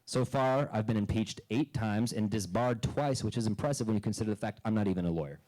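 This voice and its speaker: A man doing a stand-up comedy set on a club stage into a handheld mic, dry and deadpan, breaking into loud character bits. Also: on the low side, fast, low-quality recording.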